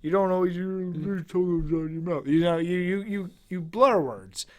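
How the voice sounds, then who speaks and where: A man's voice: high voice, moderate pace, darkish tone. A young man from Philadelphia with a Philly accent, co-hosting a podcast and teasing his friend in a laughing, profane way. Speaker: podcast co-host. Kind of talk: casual chat.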